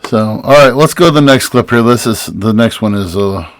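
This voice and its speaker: A man with a low voice hosts a casual political podcast. His pitch swings widely as he talks, and he restarts his sentences often. The sound is dry and close. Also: brisk, no room sound. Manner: animated, stammering restarts, laughs easily. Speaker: podcast host.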